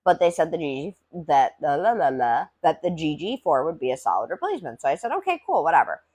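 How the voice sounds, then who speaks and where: Woman, lower voice, very lively intonation, rambling casual chat, swears casually. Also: a little fast, slightly rough. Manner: rambling, chatty, frequent "like". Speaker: podcast host reviewing cannabis.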